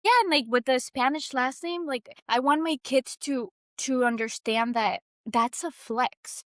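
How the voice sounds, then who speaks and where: A woman's voice: sits high, measured pace, no echo, clean studio sound. Earnest young woman telling her story. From Mexico. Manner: earnest, animated, with frequent restarts and "like". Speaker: guest. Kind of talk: casual conversational storytelling.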